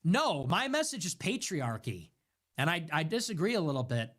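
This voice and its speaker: A man's voice: fairly high pitch, sing-song, normal speed, a bit bright. Sarcastic ranting man hosting a show. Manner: sarcastic, mocking, exasperated. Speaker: livestream show host. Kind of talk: ranting political commentary.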